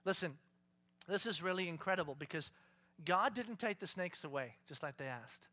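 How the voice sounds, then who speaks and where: Middle-aged guy preaching, acts out quotes loud, kinda high bright voice. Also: lively intonation, normal speed. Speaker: pastor. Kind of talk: sermon.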